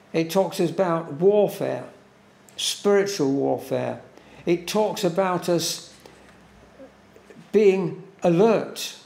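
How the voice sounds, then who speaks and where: A man preaches a sermon at a very slow, deliberate pace, leaning on repeated words for weight. His voice is gravelly and sits a little high. The church around him adds a roomy echo. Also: darkish tone. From England. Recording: echoey church room.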